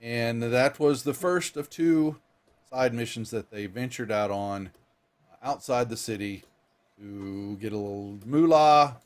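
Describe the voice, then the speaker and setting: A man running a tabletop game in a relaxed, rambling voice. He jokes about himself and keeps things moving. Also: mid-range voice, a little slow. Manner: rambling, laid-back, self-deprecating. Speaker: dungeon master. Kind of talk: casual game mastering.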